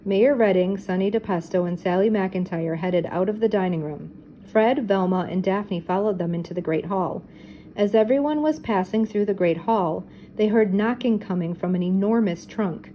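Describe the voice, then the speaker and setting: An older woman reading a children's mystery book aloud, clear and expressive. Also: medium pitch, normal speed, a little hiss or hum, low-quality recording. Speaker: storybook reader. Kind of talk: children's storybook read-aloud.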